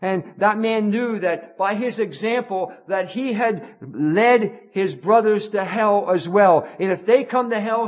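A man preaching a sermon in an auditorium, earnest and pleading, often repeating and restarting his words. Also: sits high.

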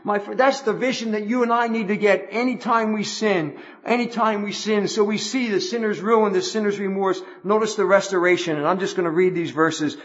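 A man's voice: sits high, fairly quick, a bit bright. A man preaching a sermon with fervent delivery, repeating phrases for emphasis and restarting as he goes. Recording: dull lo-fi recording.

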